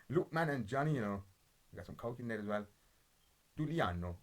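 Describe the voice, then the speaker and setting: A man's voice: medium pitch, animated, a little fast. A young man hosting a casual football podcast and reacting to match footage in blunt, rambling, sweary banter full of street slang. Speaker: podcast host. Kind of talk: casual football watch-along commentary.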